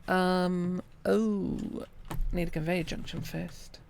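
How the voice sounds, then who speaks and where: Woman streamer, calm ambient-stream commentary, slightly creaky, faint background hiss. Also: on the low side, takes it slowly. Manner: calm, thinking aloud while playing. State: hiccuping. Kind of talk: quiet gameplay commentary.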